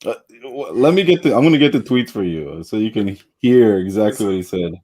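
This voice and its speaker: This podcast host has a lowish voice and talks fairly quickly. In casual conversation he tells animated stories, acts out what people said and laughs often.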